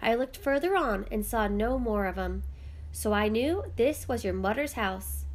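A woman's voice: fairly high pitch, expressive, measured pace. A woman voicing a father, Mick. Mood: storytelling. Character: warm old-world Irish father telling a story.

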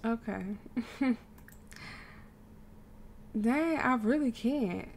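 A woman's voice: on the high side, extremely slow, a little hiss or hum. Chatty woman narrating her game. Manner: animated, chatty, laughs often. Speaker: gaming YouTuber. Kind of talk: casual gameplay commentary.

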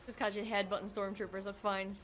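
A woman reacting to a show as she watches, excitable and swearing freely, with laughs and gasps. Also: mid-range voice, fast. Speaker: reaction streamer. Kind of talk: live reaction commentary.

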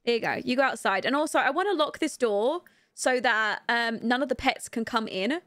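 A woman's voice: fairly high pitch, normal speed, fairly bright tone, no room sound, clean studio sound. A young woman giving chatty, giggly commentary on her life-sim game and talking to her viewers. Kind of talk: casual gameplay commentary.

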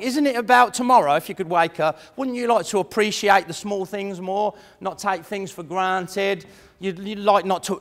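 Man, motivational speaker, lively, high voice, echoey hall. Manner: animated, conversational, mimics imagined voices. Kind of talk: live seminar talk to an audience. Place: large room before an audience.

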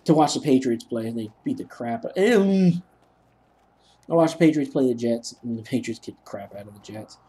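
A young gaming commentator narrates his gameplay in a let's play, telling rambling, self-mocking stories as he goes. His voice is mellow and expressive, at medium pitch and a moderate pace.

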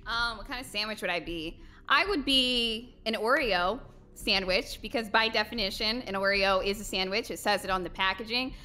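A woman contestant in casual chat, easygoing and relaxed in manner. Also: medium pitch, moderate pace, few pauses.

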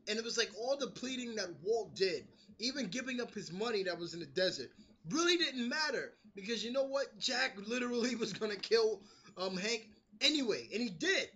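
A man giving a casual, animated review of a TV episode, swearing freely and acting out the characters' lines. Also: sits high, normal speed, breathy edge. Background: street construction noise.

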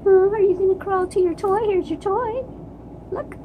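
A woman's voice: extremely high pitch, normal speed, narrow, tinny audio, slight background noise. A middle-aged woman vlogger talking baby talk to an infant at home, cooing and sing-song, recorded on a phone. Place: home, indoors.

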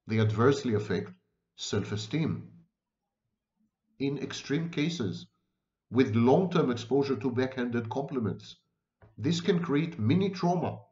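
A man's voice: medium pitch, lively intonation, measured pace, long pauses, darkish tone, highs cut off. A man giving an unscripted lecture on psychology, emphatic, often repeating and restating his phrases.

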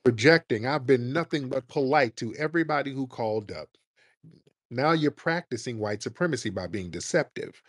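A man's voice: mid-range voice, animated, normal speed, no room sound. A male talk radio host argues bluntly with a caller, lecturing him and mocking him in a mid-range voice. The recording is dry and close. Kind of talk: argumentative call-in talk radio.

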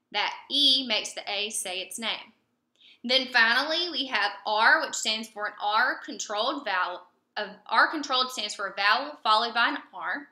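Her very bright, fairly high voice echoes around the room as she patiently leads young children through phonics. The young teacher takes her time, prompts the pupils, waits through pauses for their answers and praises them.

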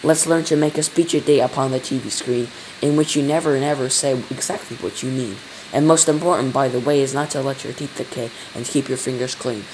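A man's voice: mid-range voice, a little fast, few pauses, darkish tone, slight background noise, lightly acted, poor audio. A man voicing a bossy old nanny in her eighties, scolding and reciting a sing-song rhyme in a storybook reading. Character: old bossy female nanny, vice president.

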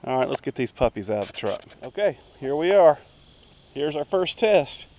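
A man's voice: a little high, very animated, moderate pace, mellow, slight background noise. A man vlogging outdoors by a lake, chatting casually and talking to his dogs in baby talk. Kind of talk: casual vlog narration.

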